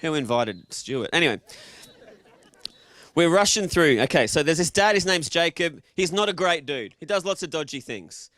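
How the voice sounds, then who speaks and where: Brief: Australian male preacher, higher voice, jokey and casual, dry close sound. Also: expressive, moderate pace, fairly bright tone, no room sound. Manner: joking, casual, quizzes the audience. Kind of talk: interactive sermon to a live congregation.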